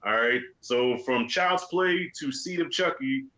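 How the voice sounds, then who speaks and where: Bright-voiced, blunt, opinionated man. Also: medium pitch, unhurried, low-quality recording. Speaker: show host. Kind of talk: casual film discussion.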